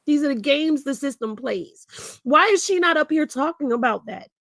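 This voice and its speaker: A middle-aged woman talks frankly and emotionally in a livestream, leaning on repeated words for emphasis. Her voice sits a little high and carries a gravelly fry. The recording is dry and close. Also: animated, moderate pace, a bit bright, no room sound. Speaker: blogger. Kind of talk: candid livestream commentary.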